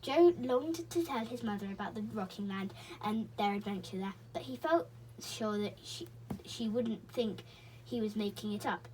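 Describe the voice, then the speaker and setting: A woman reading a children's book aloud in a gentle, expressive way, with small slips and restarts. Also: medium pitch, moderate pace, a little hiss or hum, poor audio. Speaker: reader.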